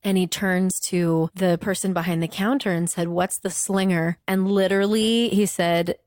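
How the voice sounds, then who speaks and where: A woman hosting a podcast, telling a story in a fast, giggly, animated way and chatting casually. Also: on the low side, no room sound, clean studio sound. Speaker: podcast host. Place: Chicago.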